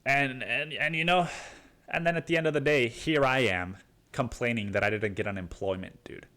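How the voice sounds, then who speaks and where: A man's voice: medium pitch, moderate pace, pushed and bright. A male podcast host rants on his own into a microphone in a mid-range voice. He rambles and swears freely, and he drops "dude" into nearly every sentence. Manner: profane, rambling, says "dude" constantly. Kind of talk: solo rant podcast.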